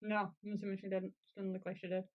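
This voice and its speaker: A woman co-hosting a podcast, reacting quickly with laughs and the odd curse while recapping a show. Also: mid-range voice, completely flat delivery, lo-fi sound. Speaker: podcast co-host. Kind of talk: casual recap chat.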